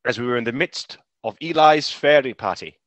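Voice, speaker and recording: A man running a tabletop game as game master on a podcast, animated and quick to laugh. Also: mid-range voice, no echo. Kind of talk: actual play podcast narration.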